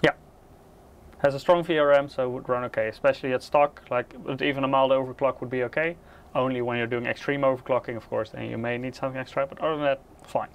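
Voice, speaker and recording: A man co-hosting a casual livestream as the product expert, relaxed, reading out chat questions and answering them briefly. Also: medium pitch, fast, highs cut off.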